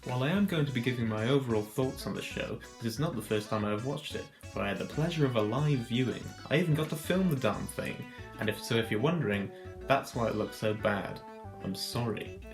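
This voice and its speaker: A man hosting a reaction video, narrating a scripted analysis in a dry, mock-grand deadpan. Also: medium pitch, fairly quick, music in the background. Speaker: video host.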